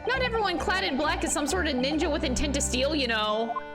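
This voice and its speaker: A woman's voice: high voice, animated, a little fast, voice pushed down. Earnest young male lawyer, polite and puzzled, as a woman puts him on, game music behind.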